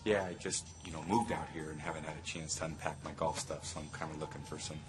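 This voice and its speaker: A fed-up quarterback. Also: male voice, extremely low pitch, fairly even intonation, fast talker, over music. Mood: polite. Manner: increasingly exasperated and insistent. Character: male pro quarterback mistaken for a Bostonian, exasperated. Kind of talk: comedy sketch.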